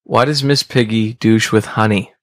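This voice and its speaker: A man's voice: on the low side, fairly even intonation, moderate pace, a bit bright. A man in casual podcast chat, telling crude jokes with setup and punchline. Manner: tells jokes with setups, laughing.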